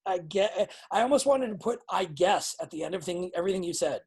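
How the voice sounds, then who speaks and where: A woman coaching pro wrestling students in a live online class. She is blunt and excitable, swears freely, and talks over a video call. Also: fairly low pitch, fairly quick, few pauses, husky.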